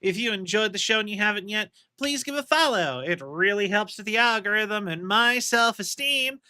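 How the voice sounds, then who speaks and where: A man's voice: high-pitched, expressive, normal speed, sharp tone, smooth, no room sound. A man streaming a video game, chatting casually, rambling and self-deprecating. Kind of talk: casual gameplay commentary.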